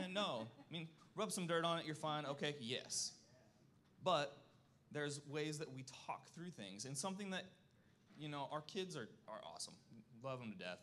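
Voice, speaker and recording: A man's voice: a little high, lively intonation, normal speed, a bit bright. A man in his thirties giving a personal testimony at church, earnest and folksy, often checking in with "okay?" and fighting back tears. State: emotional, close to tears. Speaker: church speaker.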